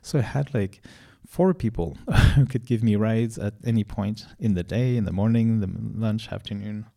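A man's voice: lowish voice, normal speed, gravelly, mellow. A man telling a long personal story in a loose, rambling way, swearing and laughing as he goes. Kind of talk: casual storytelling.

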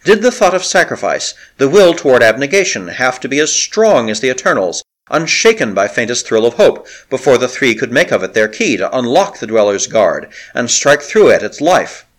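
Expressive male storybook narrator. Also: medium pitch, moderate pace, hardly any pauses. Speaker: audiobook narrator. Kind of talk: scripted narration of a novel.

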